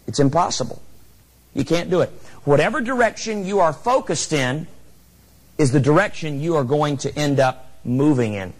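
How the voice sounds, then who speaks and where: A man's voice: fairly high pitch, expressive, normal speed, low-quality recording. A man giving a motivational speech with a handheld microphone, emphatic and repeating key lines for effect. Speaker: motivational speaker.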